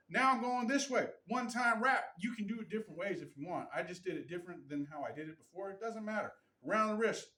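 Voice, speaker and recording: High-pitched male trainer, loose, rambling, blunt delivery, recorded from a distance in an echoey room. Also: sharp tone. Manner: loose, rambling, keeps asking "right?"; blunt, swears casually. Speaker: boxing and MMA instructor. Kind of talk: casual how-to demonstration. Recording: roomy sound from off the mic.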